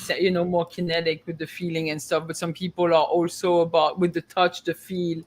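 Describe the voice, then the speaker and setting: A fast-talking podcast co-host who rambles through run-on sentences, stuffing in fillers. This speaker keeps jumping into little acted-out bits of client talk at a mid-range pitch. It sounds like casual chat among colleagues. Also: little pitch movement, a little hiss or hum. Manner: rapid, rambling, acts out clients' lines.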